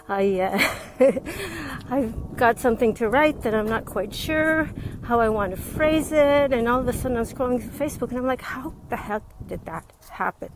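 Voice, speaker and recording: A woman life coach talking casually while out walking, a little out of breath, chatty and frank. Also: on the high side. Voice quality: slightly out of breath. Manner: chatty and frank, laughs often. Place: outdoors on a windy street. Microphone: earbuds. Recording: wind and faint traffic noise.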